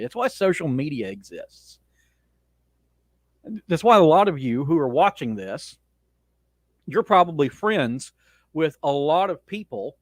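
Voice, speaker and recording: On his own podcast, a man with a somewhat high voice delivers a casual monologue rant, blunt and opinionated, restarting often. There's no room sound.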